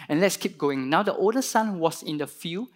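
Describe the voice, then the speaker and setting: A man preaching a sermon, retelling a parable and acting out its characters with lively emphasis. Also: high-pitched, moderate pace. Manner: animated, voices the parable's characters with rising emphasis. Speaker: pastor.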